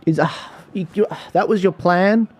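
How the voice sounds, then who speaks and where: A man's voice: sits high, moderate pace, darkish tone. A man hosting a livestream, commenting live with exasperated sighs and apologies to his viewers. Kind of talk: live commentary over stream.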